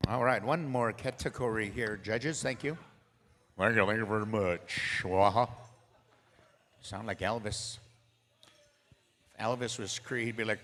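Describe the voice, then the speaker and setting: A man's voice: lowish voice, a little slow, pauses often, a bit bright. A man emceeing a powwow contest over the arena PA, hyping the crowd between calls and jokes. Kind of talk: live event announcing. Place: large indoor powwow arena. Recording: echoey arena PA sound.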